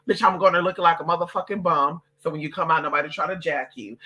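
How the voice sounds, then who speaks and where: An adult vlogger ranting to camera, loud and profane, swearing constantly and slipping into mocking voices for other people. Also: mid-range voice, fast, few pauses. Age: adult, parent of a toddler.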